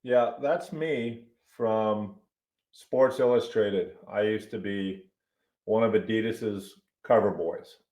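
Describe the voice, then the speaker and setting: A middle-aged man, a college professor hosting his own podcast, telling casual stories in a lively way, swearing now and then and muttering to himself as he fiddles with his desk microphone. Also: on the low side, slow pace. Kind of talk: casual storytelling monologue.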